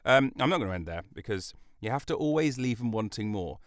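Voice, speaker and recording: A man's voice: mid-range voice, expressive, a little fast, hardly any pauses, dry recording. A man hosting a podcast in a studio, talking alone in a loose, jokey, rambling way with self-mocking asides. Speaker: podcast host. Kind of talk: solo podcast monologue. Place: recording studio. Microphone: studio mic.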